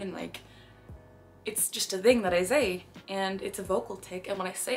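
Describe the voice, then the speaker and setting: A woman's voice: medium pitch, normal speed, fairly bright tone, faint music behind. A young woman from Canada talking casually to camera in a vlog, chatty, with sudden phrases blurted out between sentences. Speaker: vlogger.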